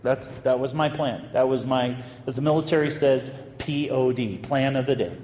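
A man's voice: mid-range voice, moderate pace. A man preaching as a pastor, telling an anecdote in a conversational way with fillers. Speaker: associate pastor. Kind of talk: sermon storytelling. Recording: echoey hall with long reverb and faint noise.

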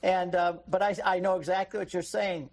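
A man's voice: high voice, steady tone, brisk. A man answering callers' questions on a call-in radio show, explaining in a teacherly way. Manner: explanatory, teacherly, laughs often. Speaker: radio show guest expert.

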